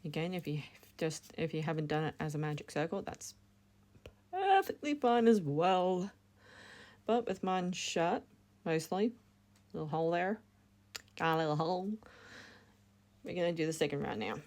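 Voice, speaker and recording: A woman's voice: deep voice, expressive, moderate pace, pauses often, a little mellow. A woman talking through a crochet tutorial step by step, chatty and correcting herself as she goes. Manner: chatty, self-correcting, laughs at her slips. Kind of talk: casual step-by-step demonstration.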